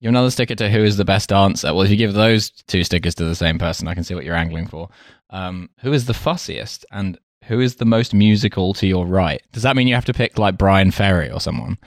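A man with a somewhat low voice co-hosts a podcast in chatty banter, wry and fond of swearing, often breaking into laughs. The recording is close and dry. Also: fast, no room sound. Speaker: podcast co-host. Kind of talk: casual chat.

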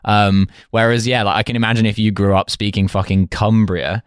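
A man's voice: lowish voice, little pitch movement, brisk, clear, resonant tone, no echo. A man co-hosting a podcast in casual chat, wry and dry, full of "like" fillers. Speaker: podcast co-host.

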